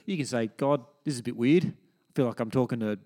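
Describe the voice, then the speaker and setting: A man's voice: medium pitch, brisk, mellow. An Australian man co-hosting a casual chat, easygoing and reassuring. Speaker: podcast co-host.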